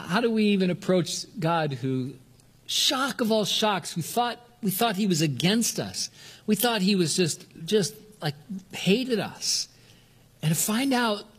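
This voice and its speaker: An older man preaching from the pulpit, his voice sitting a little high for a man. He talks earnestly and often stumbles into restarts. He pushes his pitch up further whenever he stresses a point. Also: slightly rough. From Southern California. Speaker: pastor. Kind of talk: sermon.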